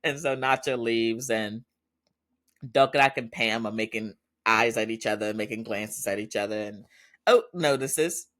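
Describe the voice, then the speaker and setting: A man's voice: medium pitch, a little slow, fairly bright tone. Chatty man recapping a drama, laughing a lot. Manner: chatty, laughs often, loose storytelling with fillers. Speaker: podcast host. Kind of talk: casual drama recap chat.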